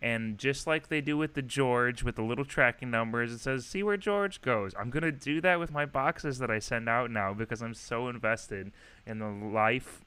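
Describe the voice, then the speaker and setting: A man's voice: medium pitch, steady tone, normal speed, sharp tone, smooth. A young man co-hosting a casual comedy podcast, joking around and laughing often. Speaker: podcast co-host.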